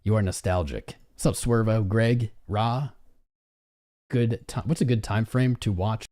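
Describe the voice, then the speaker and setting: A man hosting a live trading stream, hyping up his chat and reading viewer names one after another. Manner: hypes up chat, reads out viewer names rapidly; animated, swings between loud and low. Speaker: livestream host.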